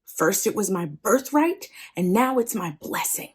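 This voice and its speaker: A woman's voice: medium pitch, animated, measured pace, breathy edge. A woman voicing a wronged grown son who pleads with his father in slangy, wailing outbursts. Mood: pleading.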